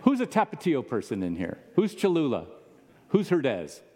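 Mellow-voiced pastor in a reverberant hall. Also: male voice, mid-range voice, wildly swooping pitch, moderate pace. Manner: casual, asks the audience questions. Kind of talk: conversational sermon. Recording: long reverb of a large hall.

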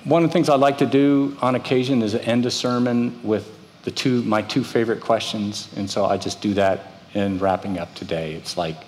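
A man's voice: fairly low pitch, moderate pace, darkish tone, slight background noise. Pastor man preaching in a reverberant hall. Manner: storytelling, acts out quoted voices. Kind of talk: sermon. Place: church.

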